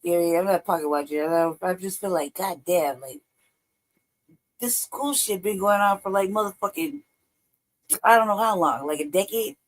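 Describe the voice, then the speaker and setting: A woman host gives casual reaction commentary on a livestream. Her voice sits slightly low, but she jumps high in disbelief, swearing and sighing through it. She sounds loose and unscripted. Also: normal speed, poor audio. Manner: profane, exasperated, laughing, swings high and low.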